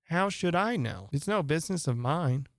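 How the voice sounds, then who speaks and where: A man reading a storybook aloud, voicing a polite but forthright young girl in a lighter, softer voice. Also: a little high, expressive, moderate pace, no room sound, clean studio sound. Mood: plucky.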